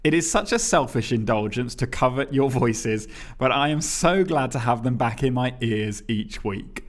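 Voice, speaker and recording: A man reads listener emails on a casual podcast and chats with his co-host, laughing often. His voice sits at an ordinary middle pitch and jumps sharply upward as he reacts. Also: lively intonation, normal speed.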